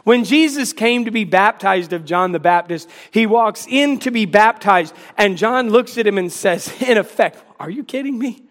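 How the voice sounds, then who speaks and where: Pastor type, male, high and insistent voice, punchy sermon delivery. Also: moderate pace, hardly any pauses, fairly bright tone, long reverb tail. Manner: emphatic, acts out scripture dialogue.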